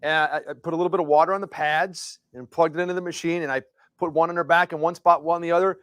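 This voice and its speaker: A middle-aged man with a slightly high voice, rambling through a story with lots of restarts. The sound is dry and close. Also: steady tone, quick pace, fairly bright tone, no room sound. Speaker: co-host. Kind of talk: casual live show banter.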